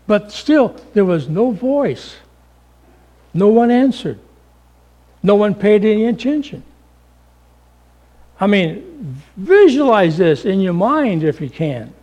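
A middle-aged male pastor preaching a sermon, dramatic, acting out voices and swinging between loud calls and hushed lines, calling the listeners folks. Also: high voice. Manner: addresses the congregation as folks.

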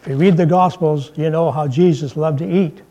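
A man's voice: a little high, fairly even intonation, normal speed, warm tone, muffled recording. Conversational male pastor preaching. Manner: conversational preaching with humor, voice rising for emphasis. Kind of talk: sermon.

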